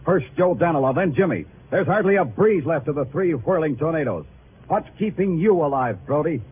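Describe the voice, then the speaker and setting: A man's voice: on the high side, expressive, a little fast, background noise. A man playing a hard-boiled, wry detective who narrates his own case in 1940s radio acting. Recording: tinny old radio broadcast with music.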